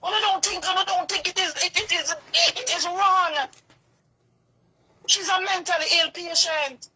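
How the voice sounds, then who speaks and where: A woman's voice: very high voice, unhurried, bright, forceful tone, poor audio. A woman with a Jamaican accent delivering an impassioned, repetitive rant in a video. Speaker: vlogger.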